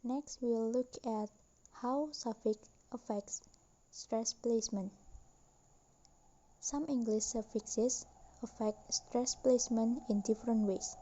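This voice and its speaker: A young woman student slowly reading a class presentation with careful, deliberate delivery. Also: on the high side, steady tone, mellow, highs cut off. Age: young adult.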